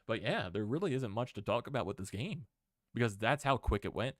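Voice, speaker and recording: A man hosting a casual sports recap stream, excitable and given to repeated exclamations. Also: mid-range voice, a little fast, no room sound, studio quality.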